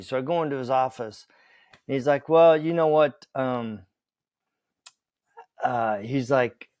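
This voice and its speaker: A man telling a story as a podcast guest, animated, acting out the dialogue and laughing along the way. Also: medium pitch, dry recording, clean studio sound. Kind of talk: casual storytelling.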